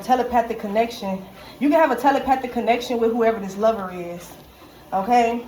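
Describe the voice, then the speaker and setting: A woman's voice: fairly high pitch, a little mellow. A woman giving a casual tarot reading, slangy and profane, who keeps checking in with "okay?" and laughs often. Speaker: tarot reader. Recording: echoey room with faint background noise.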